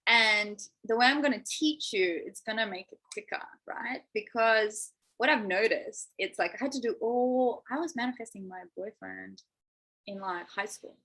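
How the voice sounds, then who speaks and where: A young woman leads a live online masterclass as a manifestation coach. She sounds enthusiastic and encouraging, with a bright, forward tone and a slightly husky, breathy edge. Her voice sits a little high. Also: animated, moderate pace, low-quality recording. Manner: enthusiastic, encouraging, spiritual wording.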